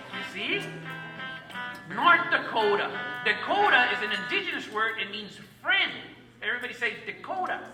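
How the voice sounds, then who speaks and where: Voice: sits high, roomy sound, distant mic, rough recording. Emphatic teacher lecturing a class, from afar. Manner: emphatic, repeats key words, asks the class questions. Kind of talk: classroom lecture with call-and-response.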